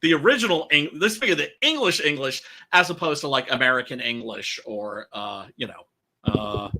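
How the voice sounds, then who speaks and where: Bright, loose-talking male podcast host. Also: mid-range voice, normal speed. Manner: rambling, loose, heavy swearing, many fillers. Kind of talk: casual film discussion.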